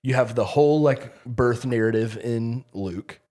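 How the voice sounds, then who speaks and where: A man, a pastor, in casual chat about a sermon, chatty and self-mocking, quick to laugh. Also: medium pitch, a little mellow. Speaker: pastor, podcast co-host.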